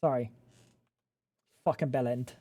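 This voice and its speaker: A man's voice: medium pitch, fairly even intonation, a little slow, dark tone. A young man streaming live, chatting casually with teasing, swearing banter and rambling thoughts that trail off. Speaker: livestreamer. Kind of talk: casual livestream chat.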